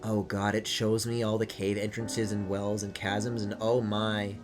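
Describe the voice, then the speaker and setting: A man streaming a video game, chatting casually, rambling and swearing, with sudden excited squeals. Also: fairly low pitch, unhurried. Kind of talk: casual live-stream commentary. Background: game music.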